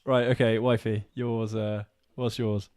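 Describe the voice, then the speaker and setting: A man's voice: lowish voice, level tone, unhurried, a little mellow, dry recording. A man co-hosting a live stream with casual chat, laughing often and stumbling over restarts. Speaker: live show co-host.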